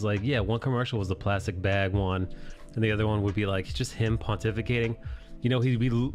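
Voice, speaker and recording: Male stream host, mid-pitched, casual banter, faint music behind. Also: a little mellow. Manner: joking, swears freely, laughs often. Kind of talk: casual chat while drawing.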